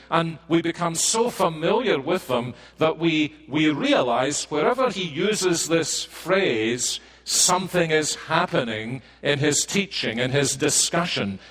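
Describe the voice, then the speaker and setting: A man with a Scottish accent preaching a sermon in a measured, deliberate way, pausing often and lifting his voice for emphasis. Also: fairly high pitch, a bit bright, low-quality recording. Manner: measured, deliberate delivery with pauses.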